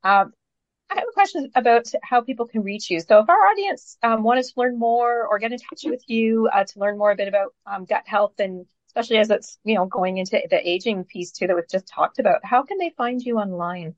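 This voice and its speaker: A woman's voice: mid-range voice, a little fast, no echo, muffled recording. A woman co-hosting an interview, asking a friendly closing question. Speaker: podcast co-host. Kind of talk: casual interview chat.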